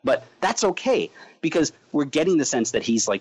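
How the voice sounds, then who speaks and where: A man chatting casually on a podcast, rambling and animated, acting out characters as he goes. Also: on the high side, moderate pace, husky, rough recording. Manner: rambling, animated, acts out characters mid-sentence. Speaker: podcast co-host reviewing a comic. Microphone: remote call mic.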